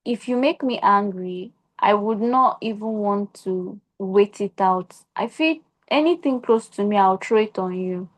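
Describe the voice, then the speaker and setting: A young Nigerian woman talks earnestly on a podcast, giving relationship advice in a casual way. She keeps asking rhetorical questions to make her point, and her voice sits at an ordinary middle pitch. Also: a little slow, hardly any pauses.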